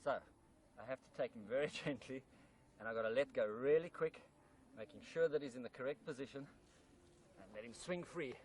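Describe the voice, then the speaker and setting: A man's voice: medium pitch, brisk, pauses often, darkish tone, poor audio. Enthusiastic man presenting wildlife outdoors. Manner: enthusiastic, explains while handling a snake.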